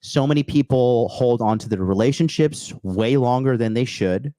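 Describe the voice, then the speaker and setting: Male podcast host, crude and emphatic, swears constantly, mid-pitched, recorded dry and close. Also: moderate pace, warm tone, no room sound. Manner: blunt, crude, swears often, repeats okay; emphatic bursts, repeating key phrases. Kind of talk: profane motivational rant with chat replies.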